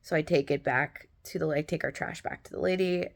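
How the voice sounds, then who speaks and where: A woman's voice: deep voice, fairly even intonation, a little fast, creaky. Young woman gushing through a funny story, laughs a lot, easygoing chat. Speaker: podcast host. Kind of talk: casual gratitude storytelling.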